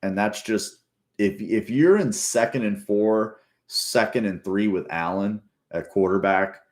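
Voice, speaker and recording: A man's voice: lowish voice, a little slow. A man giving casual, rambling, profane commentary while rewatching a football game. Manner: rambling, profane, restarts often. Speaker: sports fan commentator.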